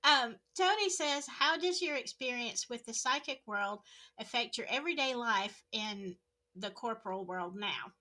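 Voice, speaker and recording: A woman hosting a livestream interview, chatty and quick to laugh, who also works in healthcare. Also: on the high side, animated, sharp tone. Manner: chatty, laughs easily, reads viewer questions. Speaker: livestream host; healthcare worker. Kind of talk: casual interview chat.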